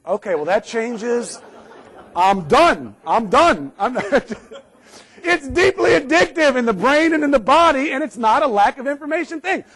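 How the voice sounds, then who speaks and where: Brief: higher-pitched male safety speaker, sarcastic keynote humor, talks to the crowd. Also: a bit bright. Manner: sarcastic, joking, acts out what people say. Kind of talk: humorous keynote talk to an audience.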